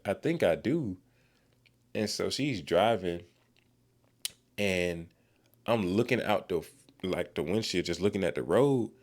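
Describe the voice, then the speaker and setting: Man, deep voice, slangy profane storytime vlog, self-recorded on phone. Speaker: vlogger. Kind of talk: casual storytime. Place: in a car. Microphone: phone recording himself.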